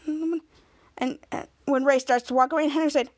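A woman's voice: sits high, steady tone, normal speed, no room sound, studio quality. A woman podcast host casually recapping a TV episode, retelling scenes with lots of quoted lines.

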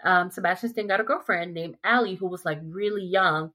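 A woman hosting a casual podcast chat, telling stories with lively delivery and acting out quotes in playful voices. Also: lowish voice, brisk. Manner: animated storytelling, acts out quotes in playful voices. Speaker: podcast host.

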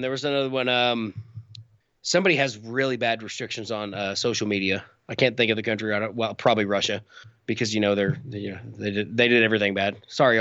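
A man's voice: mid-range voice, a bit bright, clean tone, no echo, lo-fi sound. A man chatting casually on a podcast, rambling with many fillers and restarts. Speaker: podcast co-host. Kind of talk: casual chat.

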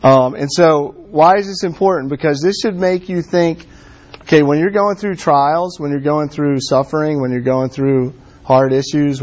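A man preaching a casual, conversational sermon, filling his talk with "like" and "um" and pressing his points with warm emphasis. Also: mid-range voice. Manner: conversational, many fillers like "like" and "um". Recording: dull lo-fi sound.

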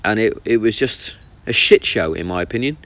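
A fairly low-pitched man talks in a loose, sweary, opinionated way about football. He's recording outdoors in the countryside, with birdsong and open-air ambience behind him. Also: animated, moderate pace, sharp tone. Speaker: vlogger. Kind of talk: casual chat.

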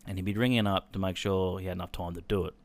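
A man, telling a painful personal story on a podcast in a halting, sombre way, with swearing. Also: deep voice, fairly even intonation, creaky. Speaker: podcast host.

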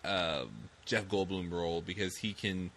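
A man's voice: sits low, steady tone, a little slow, a bit bright. A young man hosting a casual podcast chat, playful and laughing often as he talks. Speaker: podcast host.

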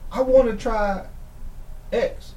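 A man's voice: high voice, fairly even intonation, slow, over a noisy crowd. A man telling a story in a casual, profane chat as a podcast co-host. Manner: profane, laid-back storytelling. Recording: roomy, distant, noisy.

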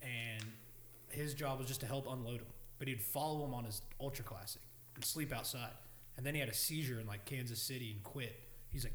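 A man's voice: mid-range voice, a little fast, a bit bright, echoey room, a little hiss or hum. A man telling anecdotes in casual podcast chat, swearing and laughing as he acts out quotes. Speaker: podcast guest, barber.

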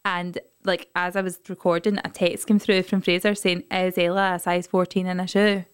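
A woman's voice: lowish voice, normal speed, smooth. A Scottish woman co-hosting a podcast, chatting casually and acting out other people's lines. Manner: chatty, acts out others' lines in lively voices. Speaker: podcast co-host. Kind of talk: casual chat. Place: podcast studio.

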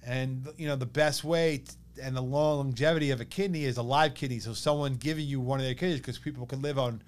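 A man in his thirties with a New York accent, telling a personal story as a podcast guest in an animated way, acting out what others said. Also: mid-range voice, fast talker. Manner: animated, quotes others in lively bursts.

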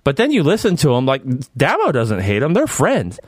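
Lively opinionated male podcast host. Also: on the high side, moderate pace, slightly rough, dry recording, clean studio sound. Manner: animated, opinionated, rambling asides. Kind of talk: casual sports podcast chat.

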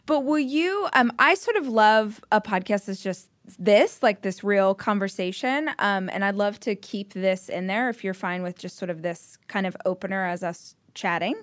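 A woman's voice: medium pitch, normal speed, few pauses, dry recording. A woman hosting a podcast interview, talking in a friendly, chatty way. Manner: friendly, chatty, lots of fillers. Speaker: podcast host. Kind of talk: casual interview.

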